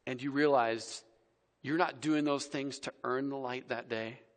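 A man preaching a casual, conversational sermon, swinging between loud emphasis and quiet, soft passages. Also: medium pitch, fairly even intonation, unhurried. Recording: long reverb of a large hall.

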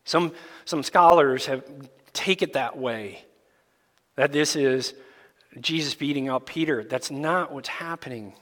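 A man preaching a sermon as pastor, explaining scripture in a deliberate, emphatic way. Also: mid-range voice, a bit bright. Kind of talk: expository sermon. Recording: long reverb in a large hall.

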